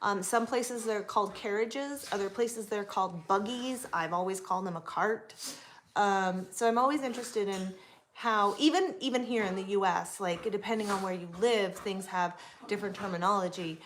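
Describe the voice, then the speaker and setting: Woman, 40s, from the US West Coast, chatty livestream host reading and answering viewers, mid-pitched voice. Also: moderate pace, slight background noise. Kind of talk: casual livestream chat.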